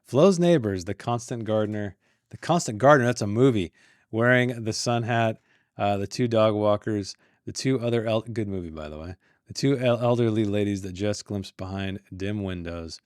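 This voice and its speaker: A man reads a novel aloud in a fairly low voice, recorded dry and close. He keeps stopping for chatty, joking asides and stumbles over words as he goes, like someone reading along with friends. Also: normal speed, no echo. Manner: reads passages then breaks off into rambling, joking asides; stumbles and restarts words often. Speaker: book channel host reading aloud. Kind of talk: casual read-along with commentary.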